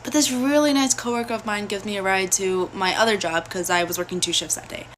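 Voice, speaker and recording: A young woman telling a personal story in a casual, blunt and profane way, animated throughout. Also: mid-range voice, fast talker, slight background noise.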